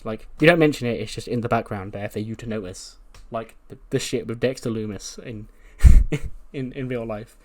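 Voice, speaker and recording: Casual rambling male game narrator. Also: mid-range voice. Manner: loose, rambling, many "like"s and restarts. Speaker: let's-play creator.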